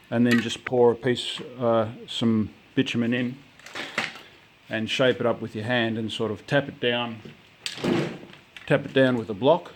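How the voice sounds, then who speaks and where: A man's voice: mid-range voice, slight background noise. A man talking casually through a home repair job, rambling with lots of ums and restarts. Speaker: home DIYer. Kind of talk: casual DIY walkthrough.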